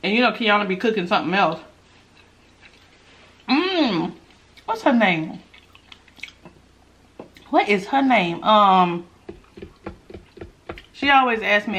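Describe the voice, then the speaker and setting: A woman with a medium-pitched, slightly bright voice hosts a mukbang, eating while she chats casually with viewers. She's talkative and giggly, laughing often between bites.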